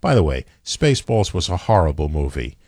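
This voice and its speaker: A man's voice: extremely low pitch, big pitch swings, brisk, darkish tone, no echo, studio quality. A man co-hosting a casual chat, opinionated and rambling, often stammering and restarting.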